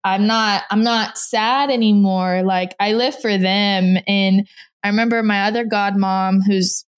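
A woman's voice: mid-range voice, fairly even intonation, measured pace, smooth. A young woman in casual conversation as a guest, talking freely, acting out what people said and laughing often. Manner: chatty, quotes people in little voices, laughs often. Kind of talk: casual chat.

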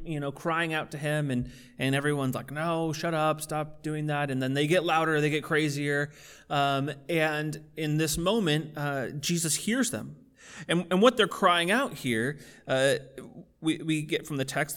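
A man's voice: a little high, fairly bright tone. A man preaching a casual, conversational sermon with plenty of fillers, building in intensity as he goes. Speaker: pastor.

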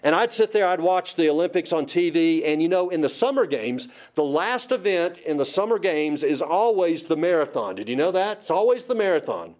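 Emphatic preacher man, fairly high voice. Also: sing-song, fairly quick, hardly any pauses, a little mellow. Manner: emphatic, asks the congregation rhetorical questions. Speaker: pastor. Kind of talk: sermon.

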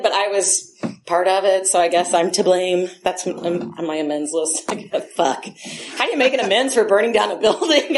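A woman in her forties sharing her recovery story at a meeting, blunt and profane, laughing often as she talks into a handheld microphone. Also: mid-range voice. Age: 40s. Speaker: AA meeting speaker. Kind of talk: candid personal recovery share. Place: meeting room.

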